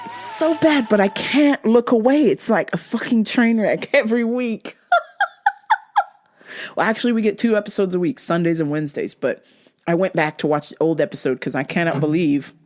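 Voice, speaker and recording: A woman's voice: fairly low pitch, moderate pace, darkish tone, soft background music. A young American woman in casual chat, swearing freely, laughing often and slipping into British slang. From United States. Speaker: vlogger.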